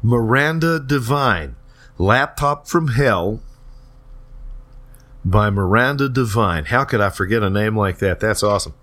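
A man's voice: lowish voice, lively intonation, unhurried, a bit bright. A man hosting a talk show, talking casually and rambling, with frequent restarts and hesitations. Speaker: radio talk host.

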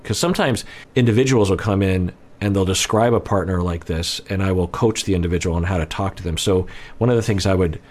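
A man, a relationship counselor, giving measured, analytical reaction commentary. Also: deep voice, a little mellow.

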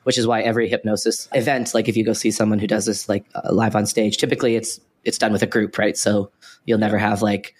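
A man's voice: on the low side, flat delivery, quick pace. A man co-hosting a podcast who explains things in a casual, rambling way, full of "like" fillers and restarts. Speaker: podcast co-host.

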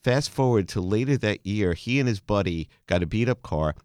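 A male host with a lowish voice, animated and eager as he retells a story. He sounds dry and close to the mic, with no room sound. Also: moderate pace, clear, resonant tone, no echo. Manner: animated storyteller, enthusiastic agreement. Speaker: radio show and podcast host. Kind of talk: casual interview chat.

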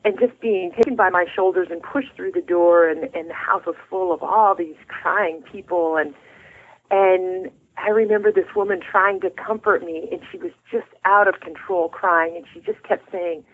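A woman's voice: lowish voice, moderate pace. Earnest woman speaking over a phone line. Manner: earnest, heartfelt storytelling. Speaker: guest author. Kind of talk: faith testimony in an interview.

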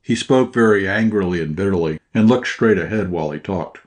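A man reading a short story aloud in scripted first-person narration, at a measured, even pace. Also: low-pitched. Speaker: audiobook narrator.

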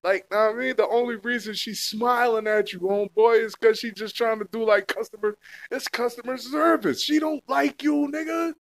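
A young man with a high voice rants casually, swearing often and circling back to the same points. The sound is dry and close, with no room around it. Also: fairly even intonation, moderate pace, creaky, a bit bright, dry recording. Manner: heated, repetitive, heavy slang and swearing. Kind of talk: casual profane rant to camera.

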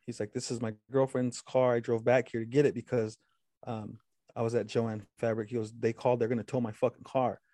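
A man with a warm, level voice talks a little fast as he rambles through a long story in casual chat. There's lots of profanity and many restarts, and he quotes the other man at length in a low voice. The audio has no echo.

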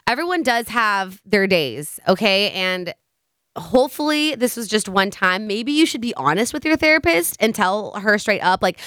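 A young woman casually telling a story to her viewers, chatty and animated, acting out what friends said. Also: medium pitch, moderate pace, no room sound, studio quality. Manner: chatty, animated retelling with quoted voices. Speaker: vlogger.

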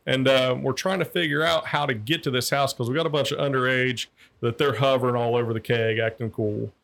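A man's voice: mid-range voice, steady tone, brisk, gravelly, fairly bright tone. Man telling rambling cop stories. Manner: rambling, profane, repeats words while restarting. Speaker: former liquor enforcement agent, guest. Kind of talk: casual anecdotal storytelling.

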